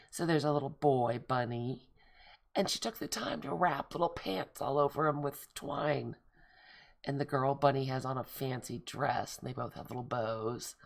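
A middle-aged woman chatting casually to viewers as a craft vlogger, gushing and excitable as she shows off things sent to her. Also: very deep voice, gravelly. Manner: gushing, excitable, lots of oohs and gasps. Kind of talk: casual show-and-tell chat.

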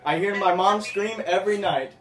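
A young man playing a pushy store manager in a prank call, keeping a straight face through a sales pitch. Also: moderate pace, echoey room, recorded from a distance, lightly acted. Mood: deadpan pushy. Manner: deadpan, insistent sales patter.

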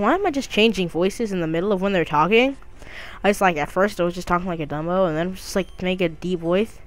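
A woman's voice: fairly low pitch, fast. A woman doing casual let's play commentary, joking around in a goofy, crude way. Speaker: gamer.

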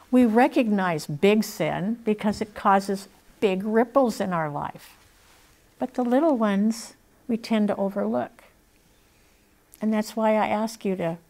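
A woman's voice: medium pitch, a little mellow. A woman sharing a personal testimony in an earnest, heartfelt storytelling manner. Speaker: speaker sharing her testimony.

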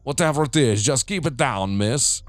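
An actor playing a surly, impatient male motel desk clerk in a horror video game, with an accent that drifts between foreign sounds and a curt, gruff delivery. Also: medium pitch, animated, normal speed, no room sound, natural voice. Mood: annoyed. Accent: shifting foreign-sounding accent.

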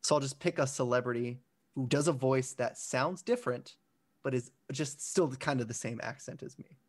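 A young man in casual podcast conversation, telling stories about himself with a rambling, self-deprecating manner. His pitch sits in the middle range for a man, and he keeps circling back and restarting his sentences. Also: normal speed. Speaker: podcast co-host. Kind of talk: casual chat.

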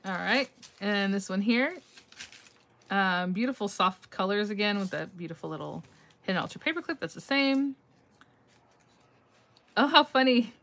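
Woman, middle-aged, craft vlogger, live stream chat, phone mic, bright crisp tone, gushing, laughs often. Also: mid-range voice, lively intonation, normal speed, long pauses. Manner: gushing and chatty, laughs often, thinks aloud. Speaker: craft vlogger hosting a live mail reveal. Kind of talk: casual live-stream chat, reading viewer comments.

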